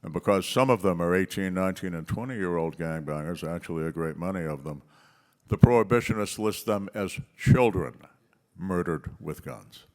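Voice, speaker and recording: A man with a fairly low voice speaks from the stage of a policy conference. He tells stories with punchy emphasis, slowing down on key words and pausing between phrases. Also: darkish tone.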